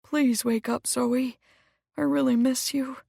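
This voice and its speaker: A woman voicing an excitable, anxious young man who gushes at his best friend, in an audiobook. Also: slow, gravelly, husky, no echo, studio quality, heavily acted. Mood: pleading. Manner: high-pitched and gushing.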